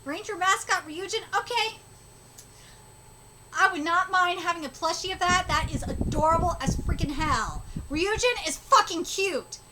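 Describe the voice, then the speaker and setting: A woman with a very high, lively voice reads manga dialogue aloud and reacts on stream, swearing freely and getting loud and excitable. Her pitch swings widely as she reads. A loud noise runs behind her. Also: normal speed. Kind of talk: live manga reading and reaction.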